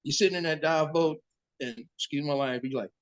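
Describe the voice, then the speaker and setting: List: man, boat captain, casual sea stories, salty and animated, swears freely. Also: fairly high pitch, fast talker. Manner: profane, animated sea-story telling. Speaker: boat captain and interview guest. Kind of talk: casual storytelling.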